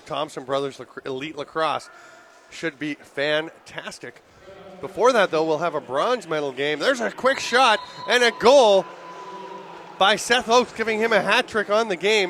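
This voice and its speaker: A man calling live lacrosse play-by-play in rapid, excitable bursts that rise on goals, his voice worn and giving out. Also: a little high, slight background noise. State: voice giving out, throat clearing. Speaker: play-by-play commentator.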